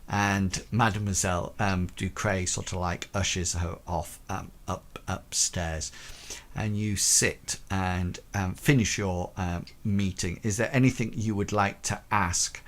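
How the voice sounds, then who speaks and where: A man's voice: low voice, steady tone, a little slow, a bit bright. A man narrating as game master of a tabletop horror game, casual and full of hesitations. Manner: casual, hesitant, many ums.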